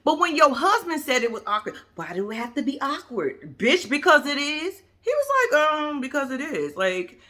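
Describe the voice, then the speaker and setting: Sassy, profane woman with a bright voice. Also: sits high, very animated, moderate pace, hardly any pauses. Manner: blunt, profane, sassy, talks straight to viewers; rambling, with self-interruptions. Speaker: vlogger reviewing a reality show. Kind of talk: casual unscripted commentary.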